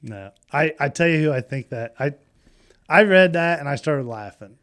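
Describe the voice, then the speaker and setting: A man's voice: fairly high pitch, animated, moderate pace, a bit bright. Blunt teasing male podcast co-host. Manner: blunt, teasing, restarts sentences. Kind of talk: casual local podcast chat.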